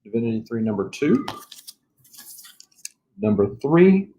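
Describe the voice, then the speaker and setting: A man's voice: medium pitch, very animated, measured pace, muffled recording, a little hiss or hum. A man with a Southern US accent chatting casually as a comic book collector vlogger, rambling as he lists items one by one. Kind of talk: casual show-and-tell chat.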